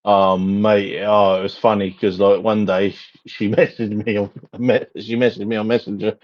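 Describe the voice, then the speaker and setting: A man's voice: lowish voice, level tone, moderate pace. A man co-hosting a podcast, joking around and laughing often in casual chat. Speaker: podcast co-host. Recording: slightly muffled lo-fi sound.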